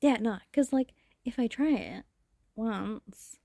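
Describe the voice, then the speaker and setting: Slow gravelly-voiced woman vlogger. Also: on the high side, mellow, no room sound, studio quality. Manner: rambling, self-reflective, laughs often. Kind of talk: casual reflective monologue.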